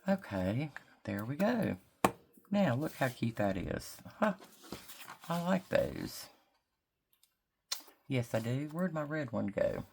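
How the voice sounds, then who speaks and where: A woman's voice: rumbling low, very animated, vocal fry, very noisy. A woman from Mississippi with a Southern drawl, chatting and thinking aloud as she works on a craft project at her desk. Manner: chatty, thinking aloud while working, drawn-out words. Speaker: craft vlogger. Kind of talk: casual crafting chat to camera.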